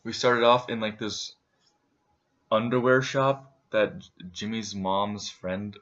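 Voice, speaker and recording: A man's voice: fairly low pitch, slow pace, fairly bright tone, dull audio. A man co-hosting a casual travel recap, chiming in with jokes. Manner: joking, chiming in on his partner's lines. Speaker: co-host recapping a trip.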